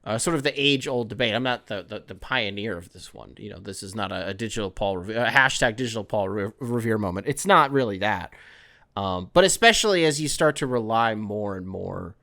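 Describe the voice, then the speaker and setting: A man's voice: fairly low pitch, animated, brisk, gravelly, pushed and bright. A young man hosting a podcast, talking in a rambling, profane, conversational way from the United States. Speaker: podcast host. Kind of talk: casual podcast monologue.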